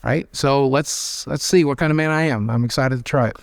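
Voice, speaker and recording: A medium-pitched, creaky-voiced American man talks a little fast as an interview guest, telling candid stories and performing the voices of their characters. He's animated, frank, and self-deprecating, recorded in studio quality with no echo.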